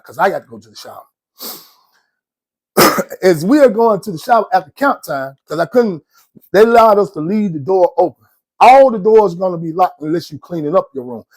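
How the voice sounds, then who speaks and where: A husky-voiced man, spinning a yarn in loose, slangy talk. His pitch swings up and down a lot as he tells it, animated and chatty. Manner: animated, slangy, laughs often. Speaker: host storyteller. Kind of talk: casual storytelling.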